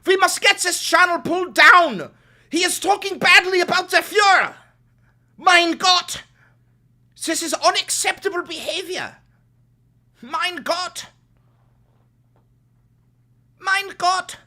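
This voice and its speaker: A man's voice: very high-pitched, moderate pace, sharp tone, voice pushed up, exaggerated voice. A man voicing a shrieking, fanatical male loyalist with hysterical, mock-German outbursts, mocking his hecklers in a live stream. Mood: hysterical outrage.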